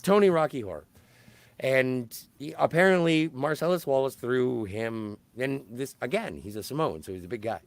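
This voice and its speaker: A man's voice: mid-range voice, moderate pace, no echo. A man co-hosting a casual film podcast, his voice rising and falling animatedly as he retells scenes. He stops to fix names and details mid-thought. The recording is dry and close, with almost no room sound. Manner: animated, self-correcting storyteller. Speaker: podcast co-host. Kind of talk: casual film-recap chat.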